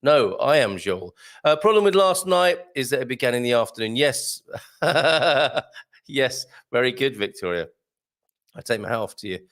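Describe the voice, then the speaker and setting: A man hosts a live morning show, reading viewer comments in a casual, jokey livestream chat full of ums and laughter. His mid-range voice is a bit bright, with lively intonation and normal speed.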